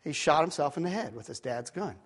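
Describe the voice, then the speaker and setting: In a husky, fairly high voice with lively intonation, a middle-aged man preaches a personal story at a slightly fast clip. He rambles with many asides and restarts, softening to quiet tones at serious points.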